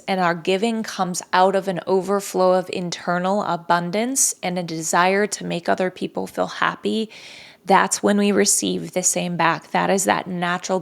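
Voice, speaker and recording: Gravelly low-voiced woman podcaster. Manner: soft, earnest, drifting into near-whispers. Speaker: podcast host. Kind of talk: reflective solo podcast talk.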